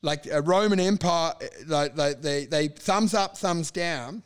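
A man, a stand-up comic co-hosting a casual podcast, telling animated, swearing stories and acting out the lines he says on stage. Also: on the high side, slow pace, clear, resonant tone. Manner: animated, swearing storyteller who acts out his stage lines. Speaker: stand-up comedian and podcast co-host.

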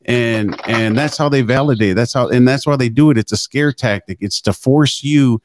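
A man's voice: medium pitch, moderate pace, slight background noise. A man in a live-stream discussion who speaks indignantly and hammers his points home by repeating them.

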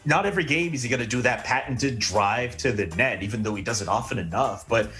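A man on a sports panel, making a measured, reasoned argument in casual chat. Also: medium pitch, sharp tone, faint music behind.

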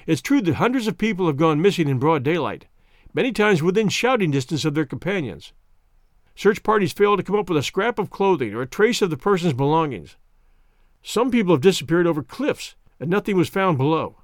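A man's voice: a little high, expressive, fairly quick, dry recording, studio quality. A man hosting a podcast, giving a scripted sign-off with thanks to listeners in an upbeat announcer manner. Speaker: podcast host.

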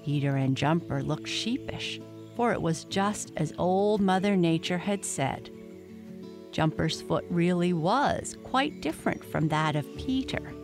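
A woman reading a bedtime story aloud in a calm, gentle way. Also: lowish voice, measured pace. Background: soft music.

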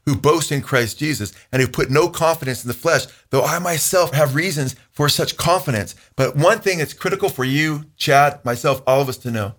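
A man's voice: fairly high pitch, normal speed, few pauses, a bit bright. A man teaching the Bible in a conversational way, earnest and emphatic, quoting scripture at length with some restarts.

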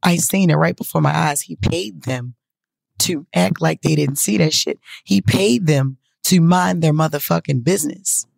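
A woman telling a story to her viewers in a casual, profane, animated way. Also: deep voice, normal speed, vocal fry, dry recording.

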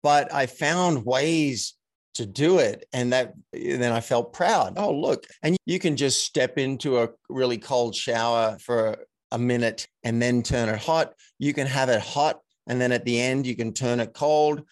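A man, a coach and actor, telling stories as a podcast guest in a measured, reflective way. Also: mid-range voice, no echo. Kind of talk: casual interview chat.

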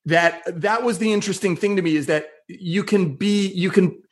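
A man's voice: high voice, moderate pace. Earnest man with a raised voice, chatting. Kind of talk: casual chat.

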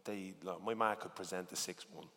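A man with a working-class Dublin accent, talking in a casual interview, animated and swearing often with lots of "you know what I mean". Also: low-pitched, a little fast, long reverb tail, slight background noise. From Dublin, Ireland. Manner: animated, swearing, filler-heavy storytelling. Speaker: rapper, interview guest.

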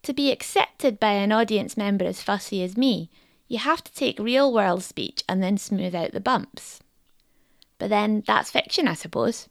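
Wry woman hosting a podcast, gravelly edge. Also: medium pitch, moderate pace, no echo. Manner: wry, reflective. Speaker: podcast host. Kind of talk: scripted podcast narration.

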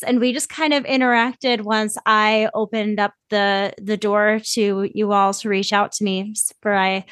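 A young woman hosting a podcast in casual chat, talkative and loose, swearing freely with quick asides. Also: on the high side, a bit bright, dry recording. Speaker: podcast host.

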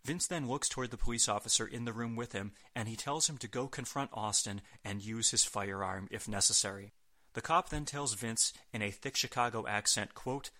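A man's voice: mid-range voice, moderate pace, sharp tone. A man hosting a podcast, reading a scripted recap with wry, sarcastic asides. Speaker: podcast host. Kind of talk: scripted wrestling recap narration.

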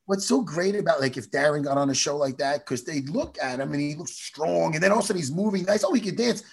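Raspy high-voiced American man. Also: fast. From United States. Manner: rambling, profane, joking. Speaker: podcast host. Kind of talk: casual interview chat.

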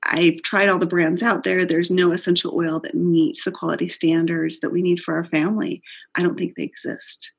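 A woman's voice: on the low side, level tone, normal speed, vocal fry, breathy edge. A middle-aged woman, a company founder, earnestly telling the story of how her business began in an interview.

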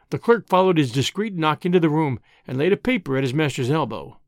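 Expressive male audiobook narrator. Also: fairly high pitch, a little fast, hardly any pauses. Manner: expressive storytelling. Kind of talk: scripted narration.

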